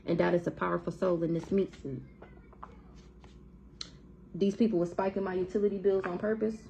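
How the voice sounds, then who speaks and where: A woman's voice: lowish voice, fairly even intonation, fairly quick, creaky, dark tone, a little hiss or hum, low-quality recording. A woman with giving a blunt, profane, heated tarot reading to camera in a casual monologue. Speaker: tarot reader.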